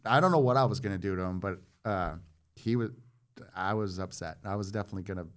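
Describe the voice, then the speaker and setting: A man in his forties, a former Marine guest on a podcast, telling a story in a loose, animated way and acting out what others said. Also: sits low, quick pace. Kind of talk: casual storytelling.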